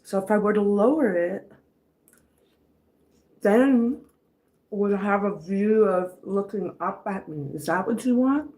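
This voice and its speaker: Slow-talking woman eating on a livestream. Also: mid-range voice, darkish tone, poor audio. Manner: rambling, talks to chat between bites. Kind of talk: casual livestream chat while eating. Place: at home. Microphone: camera on a stand.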